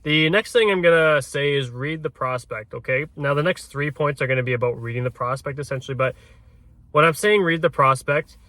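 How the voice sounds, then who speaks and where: A man's voice: fairly high pitch, fairly quick, bright, forceful tone, no room sound. A man who works as a realtor, coaching in casual talk, often ending points with "right?" and restarting his words. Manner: peppers sentences with tag "right?". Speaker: realtor coaching door knocking.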